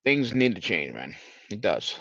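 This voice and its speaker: A man's voice: fairly low pitch, sing-song, measured pace, creaky, a bit bright, no echo. A man hosting a live stream who rants angrily about the country and greets callers, repeating himself and swearing. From United States. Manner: irritated, repetitive, swearing. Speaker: livestream host. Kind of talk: angry political rant and call-in chat. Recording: dull lo-fi stream audio.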